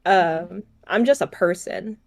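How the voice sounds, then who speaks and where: A woman's voice: on the low side, slow. A woman co-hosting a podcast, telling a story in casual chat, often laughing, swearing and restarting her sentences. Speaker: podcast co-host.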